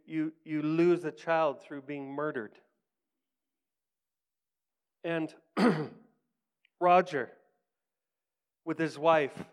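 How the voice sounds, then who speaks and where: A man telling a story in a sermon, earnest, sinking to hushed tones for quoted words and rising for emphasis. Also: fairly high pitch, clear, resonant tone. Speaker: preacher.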